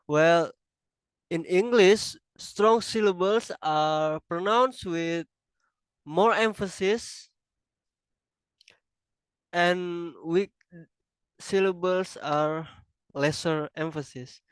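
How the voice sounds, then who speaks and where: Slow halting man giving a class presentation. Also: sits high, clean tone, dry recording, poor audio. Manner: halting, self-correcting, non-native phrasing. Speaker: student presenter.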